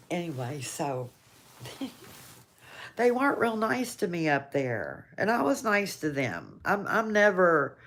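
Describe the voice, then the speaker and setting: Low-voiced older Southern woman chatting. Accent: Southern American. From Southern United States. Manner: rambling, chatty, laughs often. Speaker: livestream host. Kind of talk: casual live chat reading viewer comments.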